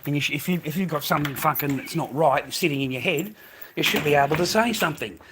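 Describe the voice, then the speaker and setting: A man's voice: fairly high pitch, quick pace, noisy background. Profane ranting Australian man. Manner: blunt, heavily profane, slangy, lecturing. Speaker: livestream host. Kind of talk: ranting monologue to viewers.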